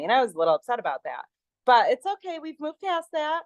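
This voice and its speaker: Brief: lower-voiced woman, eager and chatty, dry video-call audio. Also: animated, fast, no room sound. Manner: enthusiastic, chatty, lots of fillers and laughs. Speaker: guest sharing her product story. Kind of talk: casual chat on a video call.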